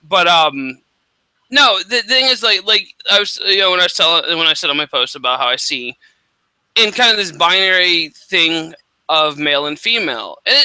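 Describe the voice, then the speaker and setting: A man co-hosting a casual radio talk show, speaking in a halting way with many restarts and fillers. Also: fairly high pitch, sharp tone, dry recording, low-quality recording. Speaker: podcast co-host. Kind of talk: casual chat.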